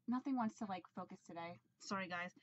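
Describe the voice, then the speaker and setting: A woman vlogger in a casual video, talking excitedly and rambling with many fillers and restarts. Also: on the low side, quick pace, dull audio. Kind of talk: casual vlog unboxing.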